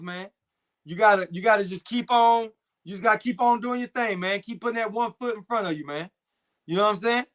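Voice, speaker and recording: A young man with a high-pitched, fairly bright voice hosts a live stream. His talk is relaxed and slangy as he goes through viewer comments, peppered with filler words.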